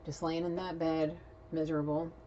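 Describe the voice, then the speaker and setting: A woman's voice: deep voice, flat delivery, moderate pace, dark tone, dull audio, slight background noise. A woman giving a casual channeled tarot reading, chatty and blunt, swearing freely. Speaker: tarot card reader.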